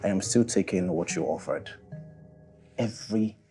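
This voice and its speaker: An actor with a Nigerian accent playing a cruel, taunting extortionist in a film drama. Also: male voice, lowish voice, mellow, faint music behind, natural voice. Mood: gloating. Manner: menacing, taunting, slow and gloating. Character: gloating male extortionist, cruel and mocking. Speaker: film character.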